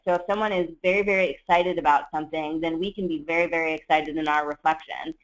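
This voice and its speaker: Trainer leading a webinar; calm explanatory delivery, average pitch, dull lo-fi audio. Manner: measured, explanatory, with frequent fillers. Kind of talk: webinar teaching.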